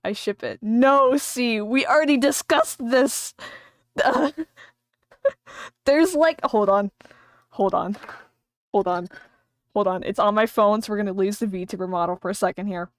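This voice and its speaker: A woman's voice: medium pitch, unhurried, long pauses, dry recording. A woman streamer chatting casually and rambling while she draws on a livestream. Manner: chatty, rambling, thinking aloud.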